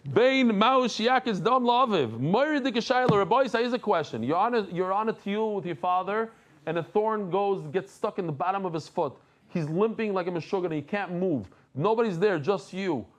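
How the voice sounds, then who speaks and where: A middle-aged man giving a daily Talmud lesson, animated and jokey, mixing in Hebrew and Yiddish terms. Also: high-pitched, moderate pace. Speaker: Talmud teacher.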